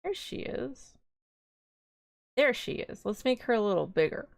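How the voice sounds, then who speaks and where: A woman's voice: fairly high pitch, very animated, a little slow, creaky, no room sound. Chatty young woman streaming, dry mic. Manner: chatty, rambling, giggly. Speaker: vtuber streamer. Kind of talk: casual live-stream chat.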